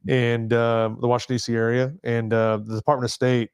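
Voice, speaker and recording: A man's voice: medium pitch, little pitch movement, a little fast, clear, resonant tone, no room sound, clean studio sound. A man in his forties, a veteran guest telling his story in a casual interview, rambling with fillers and restarts. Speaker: podcast guest, Marine veteran. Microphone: desk podcast mic.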